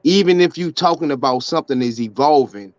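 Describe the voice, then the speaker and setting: On a live online panel, a man with a fairly high, fairly quick voice argues preachily for his faith in a religious debate. He restarts sentences often, and the call audio is dull and lo-fi.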